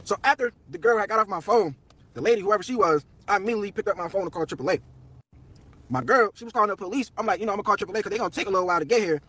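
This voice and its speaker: Fast, husky young man telling a story. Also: high-pitched. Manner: rapid, animated slang-heavy storytelling. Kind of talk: story-time narration.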